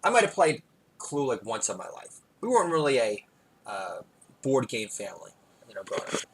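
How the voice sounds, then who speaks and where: A man rambles through a comic monologue as podcast host. He is self-deprecating and digressive and keeps breaking into loud, emphatic bursts. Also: mid-range voice, big pitch swings, brisk, breathy edge, poor audio.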